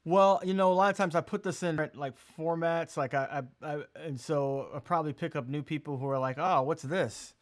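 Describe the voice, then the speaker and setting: A man's voice: on the high side, a little fast, few pauses. A man hosting a casual livestream chat, rambling and joking loosely. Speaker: host.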